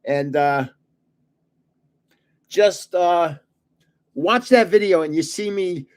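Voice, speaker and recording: A man's voice: sits high, slow, a little mellow. An older man hosting a casual livestream, telling rambling stories and chuckling often. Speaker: channel host giving away trading cards.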